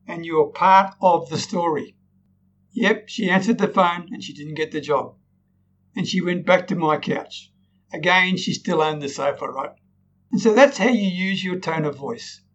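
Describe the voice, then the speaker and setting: A man's voice: sits high, fairly bright tone, muffled recording, slight background noise. A man teaching how to tell stories in a recorded lesson, often checking in with "right?" and acting out example sentences in different tones. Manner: demonstrates tones, frequent "right?" tag questions. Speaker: storytelling coach.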